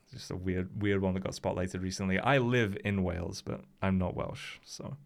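A young man with a lowish voice hosts a relaxed chat. He rambles, hedges and circles back with fillers and restarts. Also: moderate pace, gravelly. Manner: rambling, hedging with many fillers. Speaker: podcast host. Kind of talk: casual chat.

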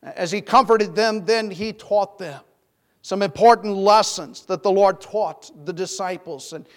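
A man's voice: sits high, measured pace. A man preaching a sermon, fervent and rising to emphatic peaks when he quotes scripture.

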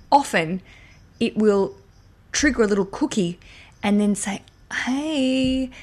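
A woman hosting a podcast, talking in a chatty, animated way and getting worked up and ranty. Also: mid-range voice, measured pace. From Australia. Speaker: podcast host. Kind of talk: casual solo podcast talk.

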